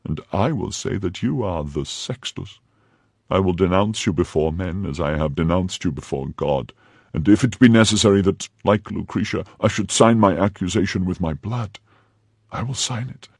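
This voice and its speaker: A proud, wronged young noblewoman, as a male reader voices her hurls her vows in impassioned, declamatory bursts. The voice stays deep and gravelly with a husky edge, in a dry, close storybook reading. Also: moderate pace, no room sound, full character voice. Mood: defiant. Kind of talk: audiobook reading.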